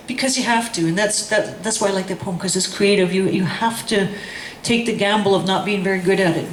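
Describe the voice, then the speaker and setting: A woman poet talking casually with a group about her poem. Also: medium pitch. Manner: rhythmic, chanting, slow and hushed in the poem. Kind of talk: leading a group chant, then casual talk. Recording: echoey room with faint noise.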